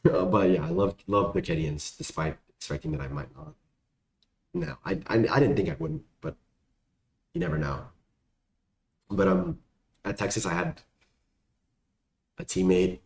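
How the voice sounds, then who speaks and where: A man's voice: low voice, lively intonation, normal speed, creaky, pauses often, a little mellow. A young man casually answering viewer questions, rambling and slangy with lots of fillers. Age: young adult. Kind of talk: casual Q&A chat. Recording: echoey room, faint background noise.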